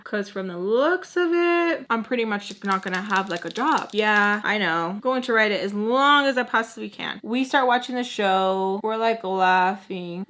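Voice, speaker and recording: Young female vlogger, casual storyteller, animated with quoted dialogue. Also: mid-range voice. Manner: chatty, acts out quotes with "I'm like".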